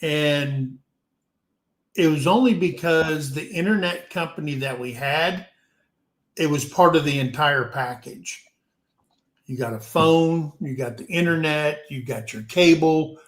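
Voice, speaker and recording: A man's voice: on the high side, a little slow. A man from the United States hosting a casual live-stream chat, rambling along with plenty of ums and restarts. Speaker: show host. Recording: roomy echo.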